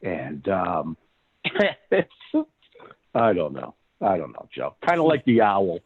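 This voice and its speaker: A man's voice: low-pitched, wildly swooping pitch, slow pace, breathy edge, narrow, tinny audio. A man in casual chat who tells stories with a lot of energy, laughs often and acts out voices as he goes. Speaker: co-host.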